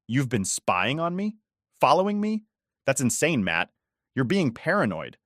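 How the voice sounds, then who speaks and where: A man's voice: mid-range voice, sing-song, a little slow, no room sound, studio quality, voice pushed up. Man putting on a pleading cheating wife. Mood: defensive. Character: cornered cheating wife, adult woman, defensive and pleading.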